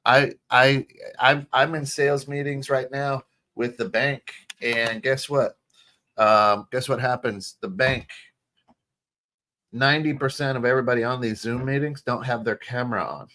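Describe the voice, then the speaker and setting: A middle-aged American man co-hosting a podcast, talking in an animated, casual way, restarting phrases and often asking "right?". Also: mid-range voice, a little slow. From United States. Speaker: podcast co-host. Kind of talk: casual chat.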